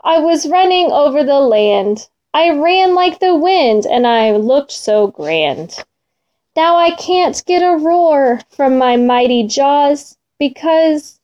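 A woman's voice: high-pitched, warm tone, dull audio. A woman voicing a boastful male lion king who chants his lines in rhythmic verse during a storybook reading. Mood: whimpering.

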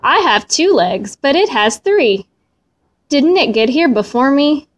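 A woman voicing a lazy young boy with a high, whiny boyish voice. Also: big pitch swings, unhurried.

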